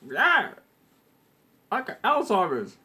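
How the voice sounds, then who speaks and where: A man's voice: sits high, wildly swooping pitch, slow pace, sharp tone, pitched above the performer's own voice, exaggerated voice. A man voicing a pompous, bossy parody of an older male prime minister.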